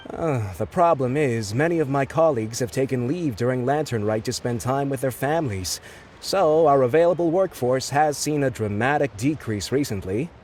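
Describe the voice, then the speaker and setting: A man's voice: medium pitch, animated, moderate pace, a little mellow, a little hiss or hum, natural voice. A man voicing a polite, businesslike clerk in a video game who is pressed for time. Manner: courteous, businesslike. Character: polite busy male office clerk, hurried.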